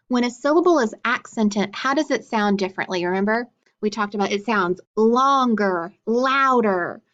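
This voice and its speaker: A woman's voice: medium pitch, fairly bright tone. A woman teaching a phonics lesson to young children, drawing out letters and syllables in a patient teacher voice. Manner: slow, drawn-out teacher talk, exaggerated syllables. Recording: dull lo-fi sound.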